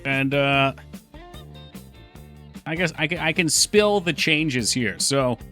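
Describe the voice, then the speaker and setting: Bright-voiced man streaming game development. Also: fairly high pitch, slow pace. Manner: rambling, thinks aloud, reads chat. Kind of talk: casual live-stream chat. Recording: faint music behind voice.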